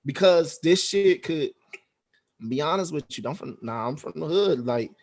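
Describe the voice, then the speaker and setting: A fairly high-pitched man speaks at a moderate pace as a podcast guest, telling a story in a casual interview. He's animated, acting out the quoted dialogue with heavy slang and plenty of swearing.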